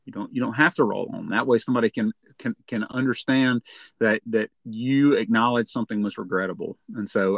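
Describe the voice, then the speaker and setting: A man's voice: medium pitch, fairly quick, fairly bright tone, no room sound. A man co-hosting a counseling podcast, explaining in an earnest, conversational way and often repeating words as he speaks.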